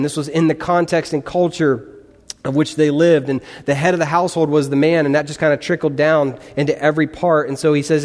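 A male pastor preaching a sermon in an earnest, conversational way, putting questions to his congregation in a church. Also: fairly high pitch. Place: church sanctuary. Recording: long reverb of a large hall.

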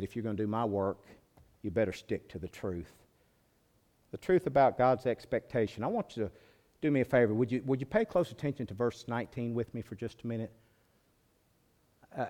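A male pastor preaching a sermon, moving from quiet low teaching to loud, high-pitched preaching.

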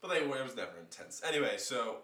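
A man's voice: medium pitch, big pitch swings, fast, sharp tone, a little hiss or hum. A man co-hosting a casual podcast, telling stories with swearing and acted-out voices. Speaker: podcast co-host. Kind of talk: casual storytelling chat. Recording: echoey room, mic at a distance.

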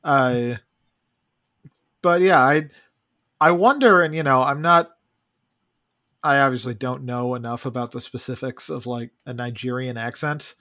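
A man's voice: medium pitch, unhurried, pauses often, sharp tone. A man in a casual movie discussion, talking hesitantly with hedges and restarts. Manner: hesitant, hedging, frequent restarts.

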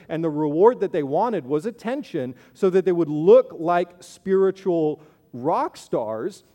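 A man's voice: fairly high pitch, dark tone. Playful male pastor in a reverberant hall. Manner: conversational, playful asides, acts out quoted voices. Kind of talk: sermon.

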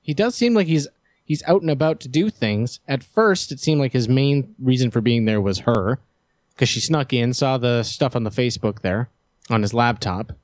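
A man's voice: mid-range voice, normal speed, darkish tone, no room sound, clean studio sound. Mock-stern man hosting a podcast. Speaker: podcast host. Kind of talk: casual chat.

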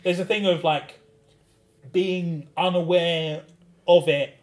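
Southern english male podcast host, slightly high voice, rambling with fillers. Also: steady tone, slow. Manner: rambling anecdotes with filler words. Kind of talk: casual chat.

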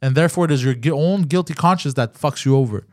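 A man's voice: a little high, fast talker, no room sound, clean studio sound. A man hosting a podcast who tells stories in casual chat, swearing and acting out both sides of the conversation. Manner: animated, profane, acts out both sides of the story. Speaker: podcast host.

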